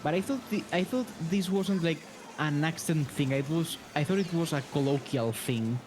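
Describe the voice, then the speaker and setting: A man's voice: fairly high pitch, expressive, moderate pace, a little mellow, slight background noise. Hesitant European man. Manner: hesitant, restarts words, curious questions. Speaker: co-streamer. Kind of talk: casual chat while gaming.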